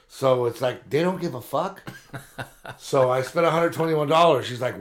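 A man's voice: medium pitch, moderate pace. A man in his fifties on a podcast, telling long, rambling, profane stories in casual chat. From Southern California. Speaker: podcast co-host.

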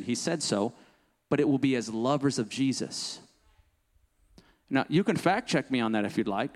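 Impassioned pastor in a reverberant hall. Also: male voice, a little high. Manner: impassioned, rising to fervent pleading. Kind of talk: sermon.

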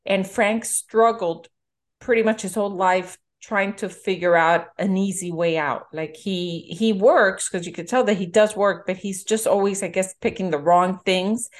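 Animated middle-aged woman retelling a film. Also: mid-range voice. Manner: animated storyteller, acts out quotes. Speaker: podcast co-host. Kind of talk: casual movie-review chat.

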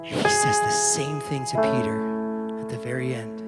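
Preaching casually to young people, a young adult pastor talks conversationally with fillers, in a medium-pitched voice with fairly even intonation at a moderate pace. Piano music plays underneath, loud in the recording yet soft in the background.

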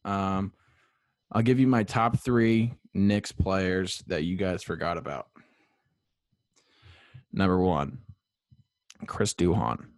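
A man's voice: low voice, slow, pauses often, no room sound. A young man out of breath after climbing stairs, rambling through the end of his solo sports podcast with lots of fillers. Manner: rambling, filler-heavy, self-deprecating.

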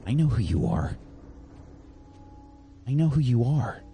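A man's voice: medium pitch, very animated, unhurried, mellow, soft background music, pitched above the performer's own voice. A man playing snarling killer Fang. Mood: menacing. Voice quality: snarling, threatening. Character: menacing young male killer, unhinged.

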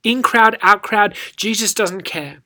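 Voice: medium pitch, unhurried, sharp tone. A speaker gives a scripted Bible devotional, telling the story with rhetorical questions and reading scripture with acted inflection. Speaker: Bible teacher.

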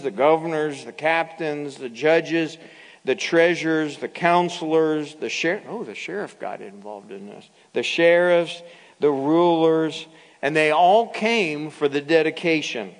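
A male pastor preaches in a slow, deliberate way, leaning hard into dramatic readings of scripture. His voice sits a bit high for a man. The sound rings with long reverb, as if from a large hall. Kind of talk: sermon.

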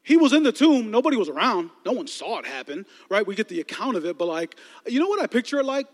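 A man preaching a sermon to a crowd, playful and animated, telling stories and doing voices for the people in them. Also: high voice, fast, big-room sound. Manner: lively, playful, acts out movie scenes with voices.

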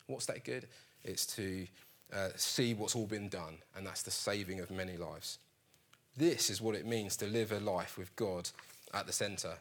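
A man's voice: lowish voice, normal speed, a bit bright. A man preaching a sermon in an earnest, conversational storytelling manner.

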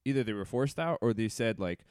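A man, a stand-up comedian guesting on a podcast, chatting casually, laughing often and jumping into lively voices when he tells stories. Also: lowish voice, a little fast, no echo, clean studio sound. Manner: laughs often, storytelling with lively put-on quotes. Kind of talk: casual chat.

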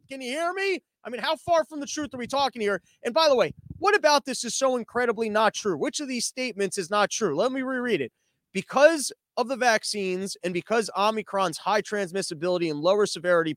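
A man's voice: extremely high pitch, fairly bright tone, dry recording. A man hosting a comedic news show from his living room, ranting sarcastically with lots of swearing and exasperated rhetorical questions.

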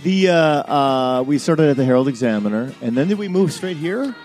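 A man's voice: fairly high pitch, animated, moderate pace, a little mellow, faint music behind. A man from the American Midwest co-hosting a podcast, rambling through self-deprecating stories in casual chat. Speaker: podcast co-host. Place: home studio.

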